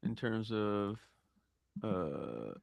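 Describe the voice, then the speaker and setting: A man's voice: on the low side, big pitch swings, very slow, vocal fry, darkish tone, no echo. A man chatting casually over an online voice call as a composer asking for feedback, probing with questions and often restarting them. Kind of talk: casual chat.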